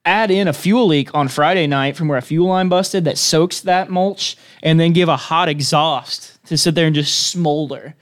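A man's voice: a little high, normal speed, hardly any pauses. A young man, a demolition derby driver, casually telling stories as a guest in a chat. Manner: matter-of-fact, swears casually.

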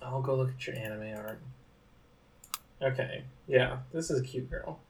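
A woman's voice: extremely low pitch, moderate pace, a little mellow, a little hiss or hum, low-quality recording. A woman co-hosting a podcast in casual chat, playful and joking. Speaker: podcast co-host.

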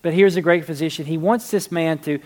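This preacher's mid-range voice moves a little quickly as he gives a lively sermon at church. His delivery ranges from hushed emphasis to almost shouting, and he often repeats words to build an argument.

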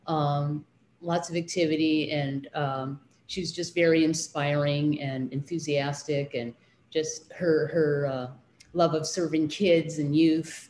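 A middle-aged woman with a low voice talks through her memories in a relaxed interview. She hesitates often, filling pauses with ums and starting over. Her voice rings in an echoey room with faint noise behind it. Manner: hesitant, many fillers and restarts. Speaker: interviewee, children's librarian. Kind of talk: casual interview recollection.

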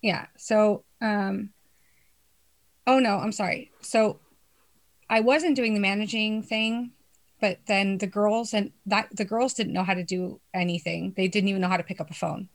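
A woman's voice: medium pitch, fairly even intonation, a little slow. A young woman in casual chat with friends, telling a story with lots of swearing and laughter.

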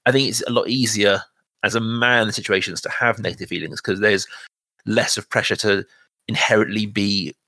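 A man in his thirties co-hosting a podcast and speaking about parenting in a measured, reflective way. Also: on the low side, steady tone, pushed and bright, no room sound. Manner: measured, thoughtful, agreeing and reflective. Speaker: podcast co-host. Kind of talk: casual chat.

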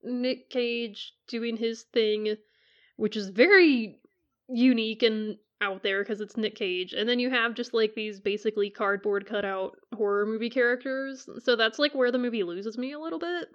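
A woman's voice: fairly high pitch, normal speed. A woman in casual chat about a movie, talking in a chatty way with many fillers. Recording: dull lo-fi audio.

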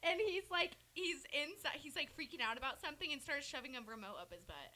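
A young woman co-hosting a casual podcast chat, giggly and loud, swearing freely. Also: high voice, expressive, fast. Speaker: podcast co-host.

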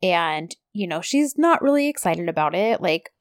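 A woman's voice: lowish voice, very animated, moderate pace, dry recording, studio quality. A woman co-hosting a casual podcast, chatting through a TV episode and retelling scenes in a playful way. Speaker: podcast co-host recapping a TV episode. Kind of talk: casual chat.

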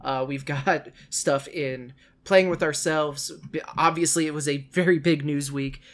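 A man's voice: fairly high pitch, fairly even intonation, measured pace. A man hosting a casual podcast, chatting animatedly, laughing often and acting out quotes. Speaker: podcast host.

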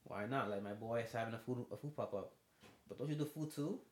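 A man's voice: mid-range voice, brisk. Young guy on a podcast, acts out convos, echoey room. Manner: animated storyteller, acts out both sides of conversations. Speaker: podcast co-host. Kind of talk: casual chat. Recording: roomy echo.

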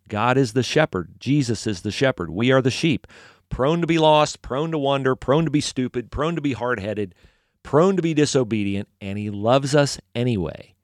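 A man preaching a sermon in a conversational, animated storytelling manner. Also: medium pitch, no room sound, studio quality.

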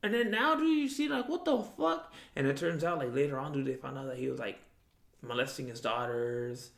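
A man's voice: mid-range voice, expressive, fairly quick, gravelly. A young man telling rambling, profane stories in casual chat. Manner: profane, rambling storytelling with slang and Spanish quotes. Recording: echoey room.

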